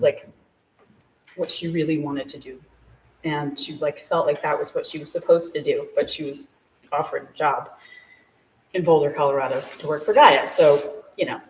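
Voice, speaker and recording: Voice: medium pitch, slight background noise. Chatty storyteller in an echoey shop. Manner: chatty, filler-heavy with frequent "like"; laughs often while telling the story. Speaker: guest sharing a story. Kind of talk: casual live storytelling. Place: small shop hosting a live event. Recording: echoey room, voice from a distance.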